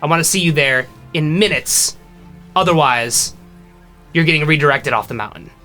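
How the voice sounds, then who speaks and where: A scowling guard sergeant with a raised, bright, forceful voice, as a game master puts him on. He barks demands and repeats himself in a short-tempered way. Faint music plays behind him. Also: a little high, moderate pace. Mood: stern.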